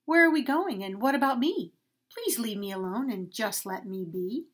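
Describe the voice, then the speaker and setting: A woman voicing a timid, weak young male donkey who pleads and frets in a high, loud voice. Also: expressive, normal speed, husky. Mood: frightened.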